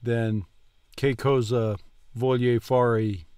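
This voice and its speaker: A man's voice: medium pitch, fairly even intonation, slow pace, a little mellow, smooth, no echo, clean studio sound. A man learning a language, casually commenting and thinking aloud with some hesitation. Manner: thoughtful, musing aloud, hesitant.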